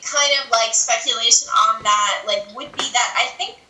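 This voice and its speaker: A woman's voice: fairly high pitch, moderate pace, pushed and bright, slight background noise. A woman from Canada, an astrologer and healer, talking in a casual interview in a thoughtful, searching way with many fillers. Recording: echoey room, distant from mic.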